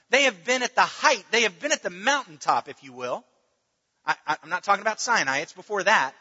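A man delivers a sermon in a high, very bright voice, earnest and halting, repeating and restarting words and sometimes dropping almost to a murmur. The audio is dull and lo-fi, with a long reverb making his voice ring.

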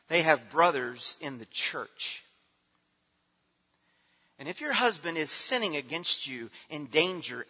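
Bright-voiced preacher in a reverberant hall. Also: male voice, on the high side, husky. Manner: earnest preaching, swells loud then drops soft. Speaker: pastor. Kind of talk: sermon. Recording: dull lo-fi sound in a reverberant hall.

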